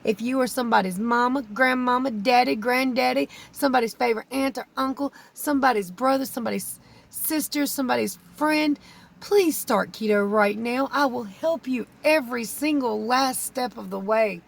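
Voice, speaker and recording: Tearful gravelly woman pleading. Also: a little high, normal speed. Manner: pleading, earnest, close to tears. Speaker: keto vlogger. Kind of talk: emotional vlog talk to camera.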